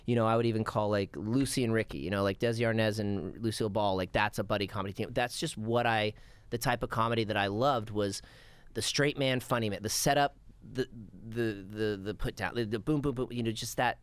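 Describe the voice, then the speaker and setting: A man with a lowish, smooth voice talks fairly quickly in a recording with no echo. He's a podcast guest in casual chat, animatedly telling stories, acting out old scenes and laughing.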